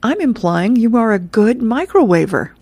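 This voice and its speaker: A woman's voice: a little high, sing-song, normal speed, a little mellow, slightly rough, voice pushed up, heavily acted. A woman reading the lines of a wry, lazy middle-aged husband.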